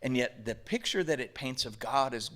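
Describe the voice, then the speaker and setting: Pastor, male, from the southern US, bright lively voice, unhurried conversational sermon. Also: medium pitch. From southern United States. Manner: conversational, emphatic preaching with rhetorical questions. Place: church sanctuary.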